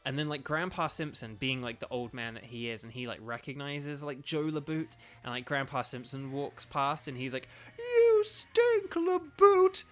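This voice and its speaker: A man's voice: medium pitch, fairly even intonation, moderate pace, hardly any pauses, bright, forceful tone. A man streaming a video game, chatting casually and rambling as he reads viewer comments aloud. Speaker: streamer and voice actor.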